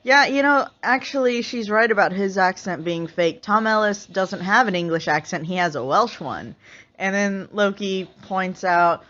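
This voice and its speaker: A woman's voice: mid-range voice, moderate pace, a bit bright. A woman giving casual, sarcastic reaction commentary and laughing often. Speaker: reaction video host. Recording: slightly muffled lo-fi recording.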